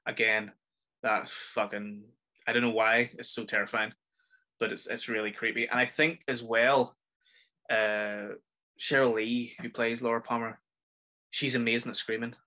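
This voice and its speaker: A Northern Irish man hosts a relaxed film review chat, talking in a chatty, rambling and enthusiastic way. His voice is bright and a little tense, sitting at a middling pitch. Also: normal speed. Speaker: podcast host.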